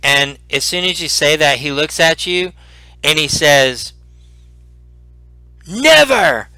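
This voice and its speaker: A man narrating a tabletop role-playing game as game master, animated and full of restarts. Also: on the high side, unhurried, clear, resonant tone, no echo, poor audio. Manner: animated, repeats words and restarts.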